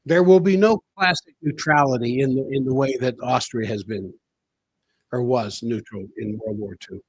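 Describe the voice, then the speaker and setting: A man's voice: mid-range voice, normal speed, husky, no room sound, low-quality recording. A man hosting a solo commentary show, talking in an emphatic way and repeating key phrases for effect. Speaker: political commentary host.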